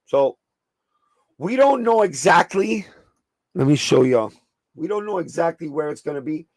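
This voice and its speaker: A man's voice: on the high side, lively intonation, a little slow, darkish tone, dry recording. A man with a New York accent hosting a casual sneaker livestream, swearing freely and talking with viewers in the chat. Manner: profane, streetwise, chatting with live viewers.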